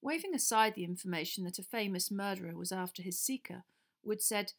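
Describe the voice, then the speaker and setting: A woman reading a children's fantasy novel aloud, in a steady, even narrating voice at a middling pitch. The delivery is calm and clear, the plain voice of a reader at home with the text. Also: a little fast. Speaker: audiobook reader. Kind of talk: storybook narration.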